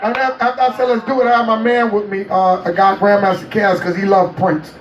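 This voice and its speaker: A man telling a story in an interview, animated and laughing often as he acts out what people said. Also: sits high, fairly quick, reverberant, far from the mic, lo-fi sound, background noise. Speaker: interview guest.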